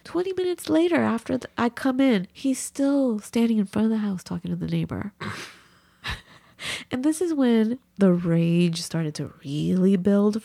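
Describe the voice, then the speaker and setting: Gravelly-voiced woman telling a story. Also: no room sound. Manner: animated, acts out quotes with big pitch jumps. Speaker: podcast host. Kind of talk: casual storytelling chat.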